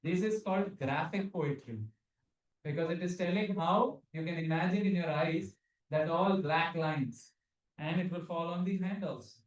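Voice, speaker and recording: A man's voice: fairly high pitch, normal speed, far from the mic. A man giving a devotional lecture, asking his audience questions and singing verses in between. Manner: explains with questions to the audience, sings Hindi verses. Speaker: preacher. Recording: very echoey hall, speaker off-mic.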